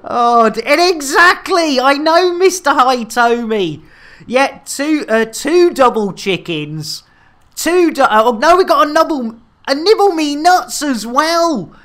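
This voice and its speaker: A woman hosting a live game stream, bawdy and giggly, getting flustered and stammering as she reads out shout-outs. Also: high voice, expressive, slow.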